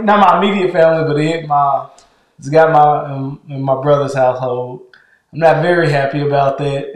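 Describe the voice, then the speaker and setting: A man co-hosting a casual podcast, laid-back and folksy, laughing often as he talks. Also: on the high side. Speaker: podcast co-host. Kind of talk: casual chat. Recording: roomy echo.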